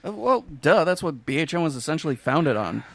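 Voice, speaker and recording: A man co-hosting a podcast, adding wry, deadpan remarks in casual chat. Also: fairly high pitch, fairly quick, vocal fry. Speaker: podcast co-host.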